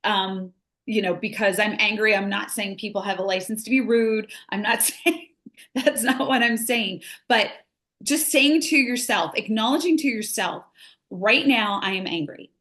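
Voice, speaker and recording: A middle-aged American woman talking in an easy, conversational way, earnest and patient as she works through an idea. She speaks at an ordinary pitch and often acts out small examples to make her point land. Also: normal speed, a bit bright. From United States. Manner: earnest, explains with acted-out examples. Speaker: grief recovery specialist. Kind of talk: casual podcast conversation.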